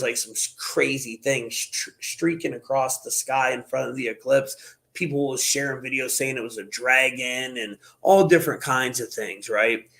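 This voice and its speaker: A man hosting a casual conspiracy-theory chat, rambling and animated with many restarts. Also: medium pitch, creaky. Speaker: podcast host.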